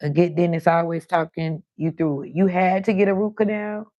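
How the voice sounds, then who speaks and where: A woman's voice: fairly low pitch, flat delivery, normal speed, warm tone, dull audio. A woman hosting her own live stream, chatting casually and talking straight to her viewers. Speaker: livestream host.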